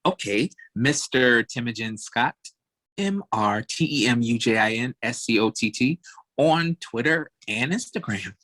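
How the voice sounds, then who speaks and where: A man's voice: medium pitch, expressive, a little slow, a bit bright, no echo. A man, a singer, appearing as a guest on a podcast and talking in an easygoing, appreciative way. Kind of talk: casual interview chat.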